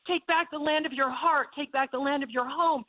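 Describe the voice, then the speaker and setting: A woman voicing the angry, commanding voice of God. She gives loud, urgent calls to rise up and fight, over a tinny phone line. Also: high-pitched, fairly even intonation, brisk, pitched above the performer's own voice, close to an everyday voice. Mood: rallying.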